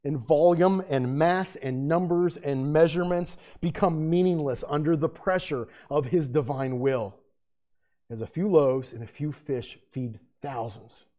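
A man preaching a sermon in a conversational way, reading scripture aloud with loud emphasis. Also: fairly high pitch, measured pace. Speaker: pastor.

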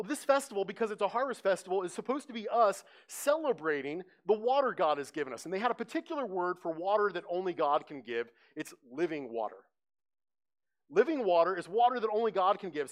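Animated man teaching a sermon. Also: on the high side. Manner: animated storytelling, acts out crowd voices. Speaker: pastor.

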